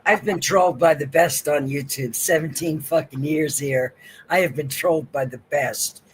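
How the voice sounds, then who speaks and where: Male livestream host: casual, crude, easygoing, slightly raised pitch. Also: moderate pace, a little hiss or hum, poor audio. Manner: profane, laughing often, bantering.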